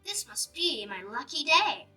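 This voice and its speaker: A woman voicing a small, timid but clever female mouse in a read-aloud storybook, squeaky and coaxing. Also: sing-song, unhurried, bright, forceful tone, distant mic, soft background music, heavily acted. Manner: squeaky, pleading then sweetly coaxing.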